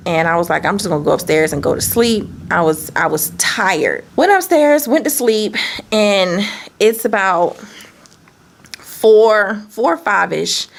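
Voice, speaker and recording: A woman telling a candid, animated personal story in a vlog, swearing freely. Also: fairly low pitch. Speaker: business owner and vlogger.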